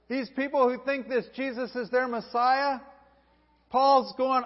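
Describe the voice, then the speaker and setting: A man preaching a sermon, telling the story with animated energy and acting out the people he quotes. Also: very high-pitched, normal speed. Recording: dull recording with long hall reverb.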